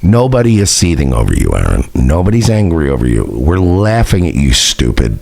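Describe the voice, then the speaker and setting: A man's voice: extremely low pitch, very animated, fairly quick, creaky. A man hosting his own online show, delivering a profane, mocking rant at a rival, taunting and sarcastic. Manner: sarcastic, taunting, swings between shouting and muttering.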